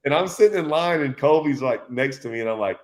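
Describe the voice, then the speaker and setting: A man chats casually as a fishing host, spinning a story with laughs. He acts out what others said in quick voiced quotes. His pitch sits in a middle range for a man. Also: expressive.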